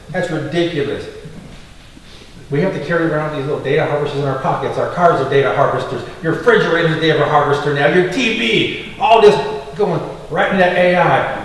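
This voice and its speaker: A man's voice: fairly high pitch, brisk. A man, a congressional candidate, answering at a forum in an impassioned, fired-up way. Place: large echoey hall. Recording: echoey hall, voice from far off, faint noise.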